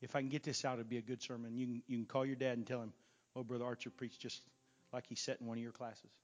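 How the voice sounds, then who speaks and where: A man preaching a revival sermon as a guest preacher in a church. He swings from loud shouting peaks down to quiet asides. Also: medium pitch, flat delivery, fast talker. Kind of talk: Pentecostal sermon. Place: church sanctuary.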